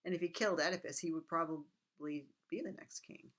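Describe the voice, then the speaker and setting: A woman with a notably low voice lectures on a text in a relaxed, conversational way. She reads quoted lines aloud, then drops into quick, chatty commentary. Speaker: literature teacher. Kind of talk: casual recorded lecture.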